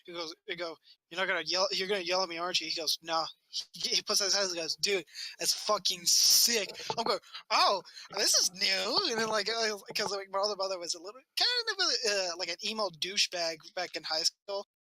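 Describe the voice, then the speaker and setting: A podcast co-host with a high-pitched, bright, forceful voice speaks quickly with lively intonation, telling a rambling childhood story on a casual podcast. He swears often and acts out what people said, with no echo but low recording quality.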